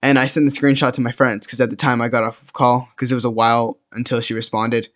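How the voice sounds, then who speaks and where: A man's voice: mid-range voice, flat delivery, fast talker, a bit bright. A teenage boy telling a personal story in a casual, rambling way, full of fillers and restarts. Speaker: storytime vlogger.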